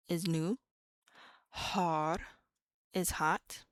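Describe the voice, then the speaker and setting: A woman's voice: low-pitched, takes it slowly, no room sound. An American woman giving a casual, playful lesson, repeating each sound several times with chatty asides. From United States. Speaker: language teacher.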